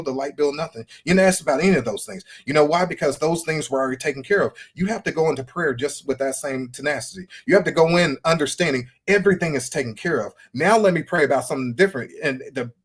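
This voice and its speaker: A husky-voiced man hosts a podcast conversation, slipping into a fervent preaching cadence and circling back on his points. His voice sits a little high for a man. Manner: fervent, repetitive sermon-like delivery. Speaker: podcast host. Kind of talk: preaching-style podcast chat.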